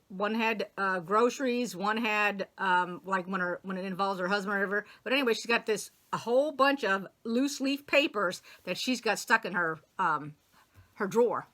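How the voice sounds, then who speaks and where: A chatty woman with a bright, forceful voice sits somewhat high in her range. She retells a story in a rambling way, acting out each character's lines and laughing now and then. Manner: laughs often and admits forgotten details. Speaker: quilting channel host. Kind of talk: casual book retelling.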